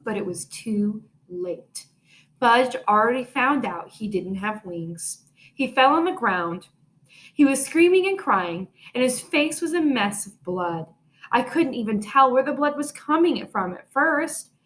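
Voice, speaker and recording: A woman's voice: on the high side, animated, unhurried. Woman teacher reading to her class. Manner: gentle, encouraging teacher talk. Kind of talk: reading aloud to children. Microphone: home video recording.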